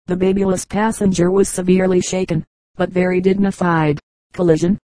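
A woman reading a collection of short humorous anecdotes aloud as scripted narration, with a steady, even delivery. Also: fairly low pitch, brisk, dry recording, low-quality recording. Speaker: audiobook reader.

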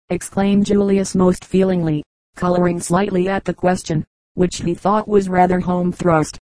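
A woman narrating a classic novel as an audiobook reader, in a measured, even reading. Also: on the low side, no echo, rough recording.

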